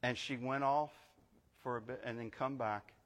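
A man's voice: medium pitch, steady tone, normal speed, long reverb tail. An older man giving a sermon as guest pastor, telling a story conversationally and building to emphatic preaching. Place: church sanctuary.

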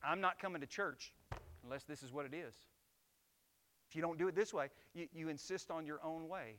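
A man's voice: a little high, a little fast, fairly bright tone. A middle-aged man preaching a sermon as pastor, emphatic and asking the congregation rhetorical questions.

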